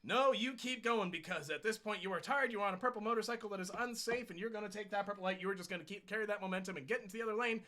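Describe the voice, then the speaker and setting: A man on a stream telling a long, rambling joke in an animated, playful way, correcting himself as he goes. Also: high voice. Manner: animated, repetitive, playful, with quick self-corrections. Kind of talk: rambling shaggy-dog joke storytelling.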